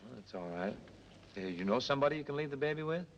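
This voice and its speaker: Male actor for a breezy crooner cabbie, lively delivery, 1930s film sound. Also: medium pitch, fast, lightly acted. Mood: helpful. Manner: breezy, joking, chatty. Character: easygoing young male cab driver and crooner. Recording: dull old film soundtrack with hiss.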